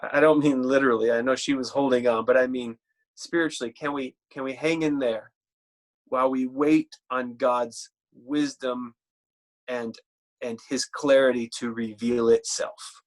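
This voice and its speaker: A man delivers a church sermon in an everyday conversational voice. He stumbles and restarts as he works through his thoughts, then slows and steadies himself for scripture quotes. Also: mid-range voice, steady tone. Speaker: preacher.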